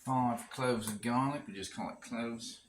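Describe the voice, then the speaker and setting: A man with a mid-range voice speaks at a measured pace, chatting and rambling with wry asides while cooking in a rental kitchen with a gas stove for his vlog. A pot boils in the background of this roomy, noisy, distant-mic recording.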